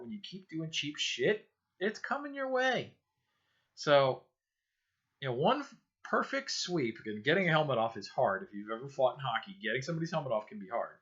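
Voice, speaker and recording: A man hosting a casual solo podcast, his voice bright and forceful as he tells profane, sarcastic stories. He swings from loud outbursts to low mutters. The sound is dull and lo-fi. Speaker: podcast host. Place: home room, low-quality setup.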